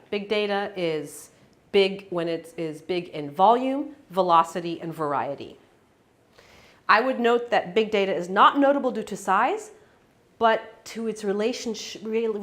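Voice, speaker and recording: A woman's voice: mid-range voice, fairly bright tone. A woman speaking at an academic event, addressing a lecture room audience. Her delivery is conversational and unscripted, with frequent ums and self-corrections. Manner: conversational, many fillers and restarts. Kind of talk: conference talk.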